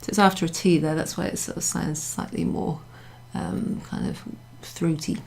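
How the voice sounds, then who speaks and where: A woman leads a beginners' class in a small room, explaining each point patiently and repeating every example. Her voice sits a little low. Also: fairly even intonation, normal speed, creaky, a little mellow. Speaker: French teacher. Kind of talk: classroom French lesson.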